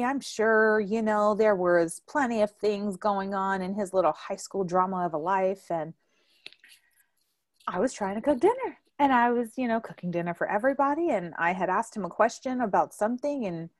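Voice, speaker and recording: Lively storytelling woman, dry close sound. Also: mid-range voice, normal speed, dry recording. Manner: animated storyteller, laughs often, acts out quotes loudly. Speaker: podcast host. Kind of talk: casual family chat.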